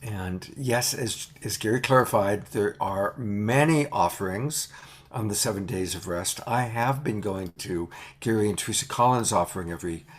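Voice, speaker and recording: A man convening an online vigil, praising others warmly in casual chat with many fillers on a video call. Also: on the low side, normal speed, husky.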